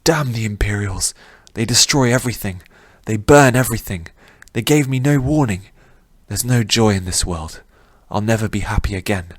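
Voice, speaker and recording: A man's voice: lowish voice, animated, normal speed, few pauses, no echo. A man voicing an anguished young male hero in a fantasy audiobook, his voice strained and pleading. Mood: despairing.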